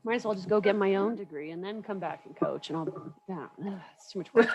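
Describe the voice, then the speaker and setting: A woman's voice: mid-range voice, normal speed, noisy background. A young woman doing stand-up over a video call, rambling and self-mocking, often laughing at her own lines. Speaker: comedian.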